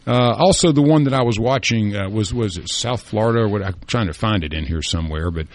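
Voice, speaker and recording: A man's voice: lowish voice, fast talker, no echo. A man co-hosting a talk radio show, chatting casually about sports and history with folksy fillers and restarts. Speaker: radio co-host.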